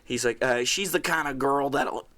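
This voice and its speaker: A man's voice: medium pitch, normal speed, sharp tone. A young man co-hosting a casual podcast, telling rambling stories with lots of swearing and laughter. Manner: rambling storyteller, swears a lot, laughs often. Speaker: podcast co-host. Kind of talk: casual chat.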